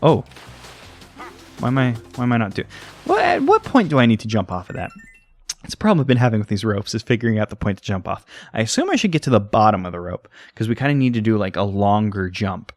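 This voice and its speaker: Rambling young American man, lively pitch. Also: fast, faint music behind. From United States. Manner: rambling, tangent-prone, heavy on fillers. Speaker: let's play host. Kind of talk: casual gameplay commentary.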